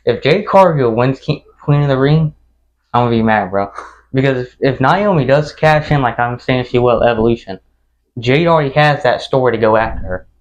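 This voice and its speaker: A young man co-hosting a podcast in casual chat, excitable and dropping "bro" often. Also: mid-range voice, a little fast, highs cut off. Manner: excitable, says "bro" a lot. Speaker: podcast co-host.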